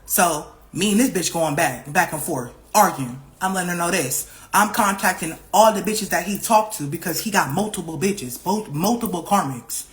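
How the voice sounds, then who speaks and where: A young woman telling a casual storytime vlog, profane and animated, repeating herself and acting out what other people said. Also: lowish voice, normal speed, few pauses. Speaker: vlogger.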